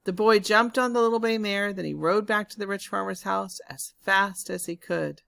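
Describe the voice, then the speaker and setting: A woman reading a picture book aloud to children, pausing to ask them questions. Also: mid-range voice, gravelly, a bit bright, no echo, studio quality. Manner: asks the listening children questions. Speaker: storybook reader. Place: home, during lockdown.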